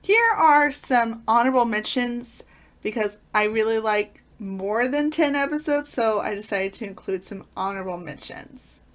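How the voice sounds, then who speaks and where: A woman's voice: on the high side, normal speed, fairly bright tone. A woman casually reviewing favorite sitcom episodes, retelling plots with enthusiasm and frequent fillers. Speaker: channel host.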